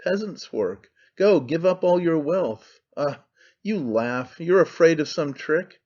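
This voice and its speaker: A man's voice: on the high side, lively intonation, slow pace, darkish tone, voice pushed up. A man reading an audiobook voices a frantic, impassioned man who pleads and accuses with intensity. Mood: urging. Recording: slightly dull lo-fi sound.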